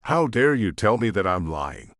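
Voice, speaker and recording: A man's voice: fairly low pitch, sing-song, moderate pace, fairly bright tone, no room sound, clean studio sound. A man voicing an entitled woman who shrieks and berates a worker in an audiobook. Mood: indignant. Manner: shrieking, haughty. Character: shrill entitled woman throwing a tantrum. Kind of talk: audiobook narration.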